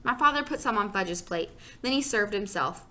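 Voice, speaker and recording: A woman's voice: medium pitch, lively intonation, moderate pace, pushed and bright. A woman reading a children's book aloud, adding chatty asides to her listeners. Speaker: storyteller.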